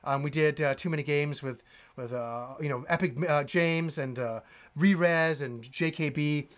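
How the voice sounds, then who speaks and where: A male host chatting casually on a live stream, reading viewer messages aloud with frequent restarts and hesitations. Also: fairly high pitch. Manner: reads viewer chat aloud, halting with many restarts.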